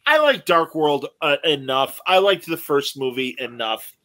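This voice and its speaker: A man with a bright, forceful voice, a bit higher than most, chatting casually with his co-hosts. He talks loosely and reads out comments from listeners. The sound is dry and close. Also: big pitch swings, a little slow, no echo. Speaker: podcast co-host. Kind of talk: casual chat about movies and TV.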